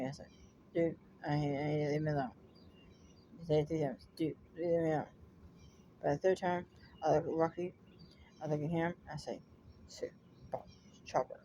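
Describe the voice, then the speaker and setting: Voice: medium pitch, dark tone. A dog owner telling a personal story in a casual, rambling way, full of restarts and constant "you know" fillers. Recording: clear background noise and ambience.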